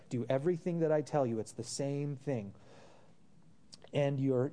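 A man's voice: mid-range voice, warm tone. A man preaching a sermon, reading scripture aloud and pressing the congregation with rhetorical questions and casual asides. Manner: calls listeners brothers and sisters, casual asides.

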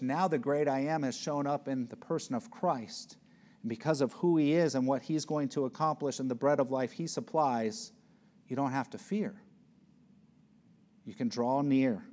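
This man is preaching an expository sermon, reading scripture aloud slowly and deliberately. He presses his points emphatically, his voice swinging between loud peaks and low, hushed words.

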